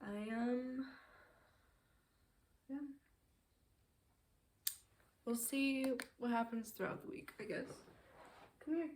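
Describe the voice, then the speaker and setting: A sad, teary woman with a somewhat high voice records a confessional video diary at home. She rambles and halts, restarting her sentences. Now and then she drops into a soft whisper. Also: slow pace, long pauses, slight background noise. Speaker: vlogger.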